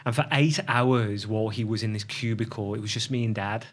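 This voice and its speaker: A middle-aged man telling a personal story as a podcast guest, reflective and halting, often restarting his sentences. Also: lowish voice.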